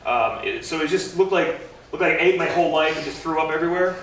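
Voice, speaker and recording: A young man doing a stand-up comedy set, rambling and self-deprecating, halting with many fillers. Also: fairly high pitch. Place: comedy club stage. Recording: echoey club recorded from far off with noise.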